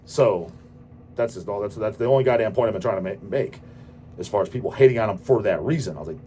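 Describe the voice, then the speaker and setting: A man's voice: medium pitch, sing-song, fast talker, slight background noise. A man hosting a show, answering viewer questions in a profane, ranting casual style. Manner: profane, ranting, repeats goddamn. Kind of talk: casual rant.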